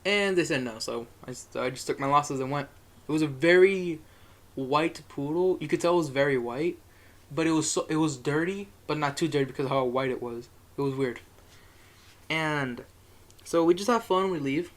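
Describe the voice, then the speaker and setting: A man's voice: fairly high pitch, normal speed. A young man telling a rambling, profane story in a casual monologue, chuckling as he goes.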